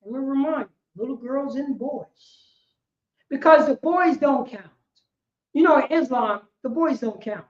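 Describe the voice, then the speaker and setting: A woman with a New York accent teaching a religious class in a loud, impassioned street style, shouting and swearing as she speaks. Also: high-pitched, measured pace. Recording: roomy, dull lo-fi stream audio.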